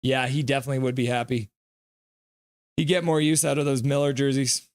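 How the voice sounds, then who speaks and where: A young man on a live stream, calling hockey play and reading chat aloud with excitable, goofy delivery. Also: mid-range voice, a little fast.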